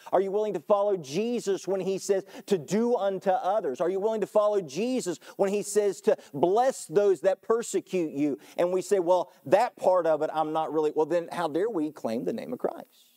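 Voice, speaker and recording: A man preaches with an earnest push, his voice rising high on the big questions and sinking low when he turns reflective. His tone is mellow and warm, sitting a touch above the usual pitch for a man. He stumbles, repeats and restarts words as he goes. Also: moderate pace, hardly any pauses. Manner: earnest, rising to emphatic peaks then dropping low. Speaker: pastor. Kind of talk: sermon.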